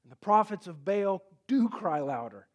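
High-voiced man preaching with lively swings. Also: normal speed. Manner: animated storytelling preaching, drops to quiet for emphasis. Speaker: pastor. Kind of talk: sermon.

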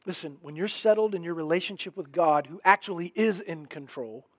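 High-voiced earnest preaching man. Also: brisk. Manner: storytelling, earnest, swings from emphatic to hushed. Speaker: pastor. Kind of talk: sermon.

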